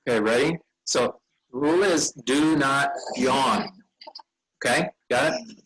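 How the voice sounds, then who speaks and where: A man's voice: mid-range voice, takes it slowly, fairly bright tone, breathy edge, rough recording. A tired man leading a vacation Bible school session, chatting casually with children and rambling a bit as he loses his train of thought. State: tired, yawning.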